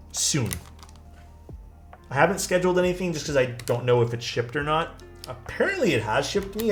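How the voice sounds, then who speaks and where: A man streaming live, casually chatting with his viewers and answering their questions while he works on a build. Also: medium pitch. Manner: relaxed, chatty, reads and answers chat while working. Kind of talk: casual livestream chat.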